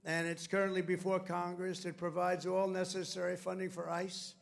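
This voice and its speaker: Gravelly older man giving a rambling speech. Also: high-pitched, completely flat delivery, normal speed. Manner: rambling, repetitive, boastful with asides. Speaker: speaker at a military base. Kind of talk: political rally speech.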